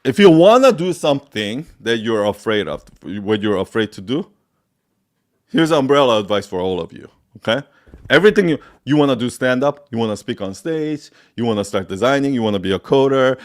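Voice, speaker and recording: A man's voice: mid-range voice, very animated, brisk. A man hosting a live Q&A, giving blunt, profane business advice and hammering points home with repetition. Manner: profane, forceful, repeats for emphasis. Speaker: host answering live questions.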